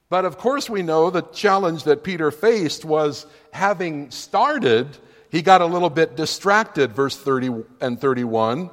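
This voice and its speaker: Slow, emphatic male preacher in a reverberant hall. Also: sits high. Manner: emphatic, dramatic preaching delivery. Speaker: pastor. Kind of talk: sermon. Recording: long reverb of a large room.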